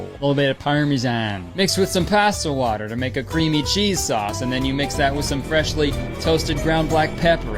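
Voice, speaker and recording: A young man doing sarcastic comedic commentary as a YouTuber, swearing freely and jumping into silly voices. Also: mid-range voice.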